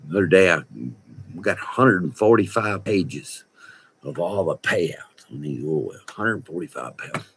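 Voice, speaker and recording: With a deep, expressive voice at a measured pace and a fairly bright tone, a middle-aged man in a West Texas drawl recounts his oil field days in a casual vlog. He's folksy and slangy, laughing between remarks, and there's slight background noise.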